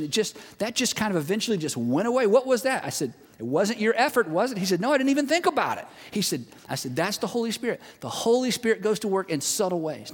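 Higher-voiced man preaching in a big hall. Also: slightly rough. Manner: conversational storytelling, retelling a friend's words. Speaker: pastor. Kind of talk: sermon. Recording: long reverb of a large hall.

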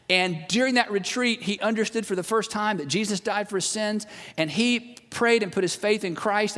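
Higher-voiced man preaching in a big hall. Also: a bit bright. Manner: conversational storytelling, retelling a friend's words. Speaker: pastor. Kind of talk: sermon. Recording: long reverb of a large hall.

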